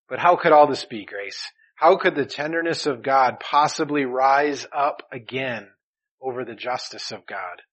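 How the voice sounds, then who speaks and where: A man preaching a sermon earnestly, rising in volume on key phrases and dropping softly at the ends of lines. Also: mid-range voice, unhurried, rough recording. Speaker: pastor.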